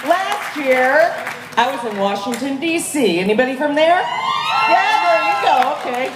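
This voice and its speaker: A woman in her fifties giving an energetic, rallying speech as guest speaker at a charity walk, calling out to the crowd. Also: sits high, measured pace. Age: 50s. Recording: echoey PA from far off, crowd noise.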